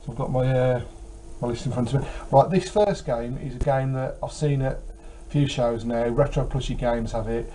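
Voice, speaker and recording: A man's voice: mid-range voice, moderate pace, warm tone, a little hiss or hum, low-quality recording. A tired man chatting casually about his game collection, rambling with many fillers. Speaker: retro game collector vlogger. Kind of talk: casual chat.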